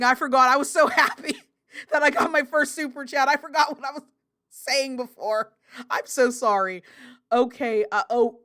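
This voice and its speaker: Bubbly, high-voiced woman streamer. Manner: chatty and excitable, with loud happy outbursts; apologetic and rambling, with many fillers. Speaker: livestream host reading viewer chat. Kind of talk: casual live-stream chat.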